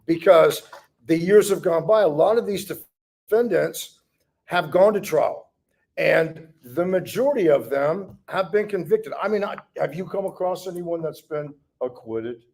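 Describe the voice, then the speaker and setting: Husky, gravelly-voiced male host. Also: on the high side, expressive, unhurried, a little mellow. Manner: affirming, laughs along. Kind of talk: casual studio chat.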